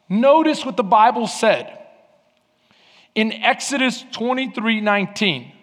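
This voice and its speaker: A man's voice: high-pitched, animated, moderate pace. A man preaching a sermon as pastor, fervent and emphatic. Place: church sanctuary. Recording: long hall reverb.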